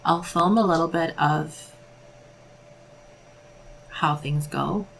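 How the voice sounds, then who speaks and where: Low gravelly-voiced young woman vlogging. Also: takes it slowly, a bit bright, a little hiss or hum, rough recording. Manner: candid, rambling, peppered with 'like'. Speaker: beauty vlogger. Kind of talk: casual makeup vlog chat.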